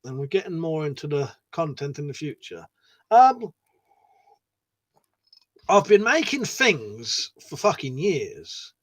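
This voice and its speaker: A man's voice: fairly high pitch, very animated, slow pace, pauses often. A man hosting a casual livestream, reading viewer messages aloud and chatting back in a matey way, swearing freely. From United Kingdom. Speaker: livestream host.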